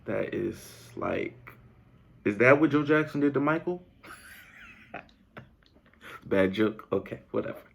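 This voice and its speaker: A man hosting a podcast in a comedic monologue, incredulous and animated, laughing often. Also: mid-range voice, takes it slowly, vocal fry, long pauses, dull audio. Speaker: podcast host.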